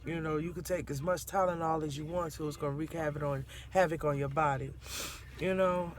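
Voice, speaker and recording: A middle-aged grandmother telling a family story to her viewers, animated and laughing as she goes. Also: deep voice, brisk, a little hiss or hum. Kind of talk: casual storytelling to camera.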